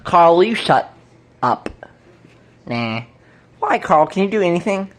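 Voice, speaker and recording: A woman casually acting out a play with toy bird figures, in a playful, lively manner. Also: on the low side, measured pace.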